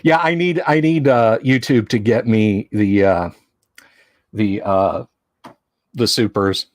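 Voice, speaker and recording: A man hosting a casual livestream from a home studio, rambling and teasing his chat, halting with fillers. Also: on the low side, no room sound. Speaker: livestream host.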